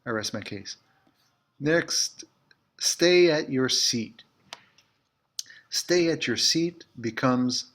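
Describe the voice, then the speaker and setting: A man teaching a language lesson as a French teacher in a school building, patiently repeating each phrase slowly. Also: mid-range voice, expressive, fairly bright tone.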